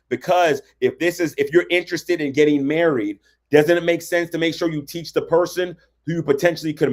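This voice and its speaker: A man teaching relationship boundaries on a livestream, talking conversationally and often checking in with "right?". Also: fairly high pitch. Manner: conversational, keeps asking "right?". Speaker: relationship coach.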